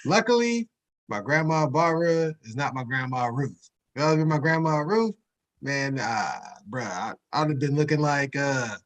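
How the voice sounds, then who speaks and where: A man's voice: fairly high pitch, animated, moderate pace. A man co-hosting a casual sports chat, telling a profane story with frequent laughs. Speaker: podcast co-host.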